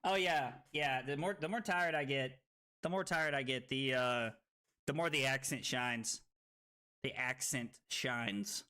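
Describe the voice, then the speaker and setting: A man streaming a card game live, excitable and tipsy, swearing and bursting into yells. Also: medium pitch, normal speed, clean tone.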